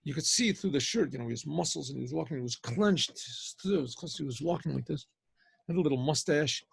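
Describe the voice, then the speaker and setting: Gravelly husky rabbi telling a story. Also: male voice, on the high side, a little fast. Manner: rambling, conversational, frequent restarts. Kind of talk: storytelling talk. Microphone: video call.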